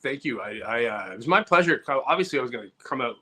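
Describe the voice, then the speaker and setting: A man co-hosting a comedy podcast, telling a story in a casual, animated way and acting out loud outbursts. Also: medium pitch, fast talker, husky. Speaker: podcast co-host.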